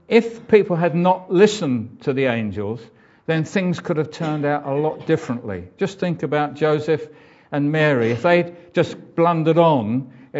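A man's voice: a little high, a little mellow. An older man preaching a conversational sermon, reading scripture aloud and reflecting on it. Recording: dull lo-fi church recording.

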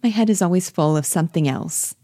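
A woman reading a witty young woman at a ball, quick, teasing and pointed. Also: fairly low pitch, dark tone, dry recording, clean studio sound, lightly acted.

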